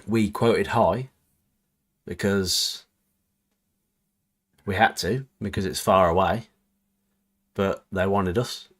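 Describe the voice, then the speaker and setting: Co-host, lowish voice, chatty and bantering, casual stream talk. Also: male voice, fairly even intonation, takes it slowly, long pauses, a bit bright, breathy edge. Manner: chatty, banters, reads viewer comments aloud. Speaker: livestream co-host reading chat comments. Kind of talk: casual chat on a livestream.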